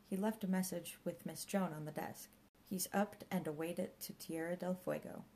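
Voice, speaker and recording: A woman's voice: fairly low pitch, steady tone, normal speed, warm tone, slight background noise, lightly acted, rough recording. A woman reading an audiobook and voicing a grandiloquent, pompous middle-aged male park ranger who fancies himself a martial arts mentor. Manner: grandiloquent, theatrical. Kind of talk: audiobook character voice.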